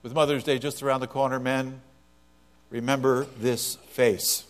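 A man preaching a sermon, moving between loud emphatic passages and quiet, hushed lines. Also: mid-range voice, little pitch movement, normal speed. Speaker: pastor.

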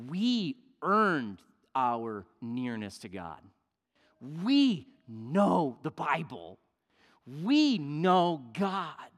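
A male pastor preaching a sermon, emphatic, swinging between loud declarations and hushed asides. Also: mid-range voice. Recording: long reverb of a large hall.

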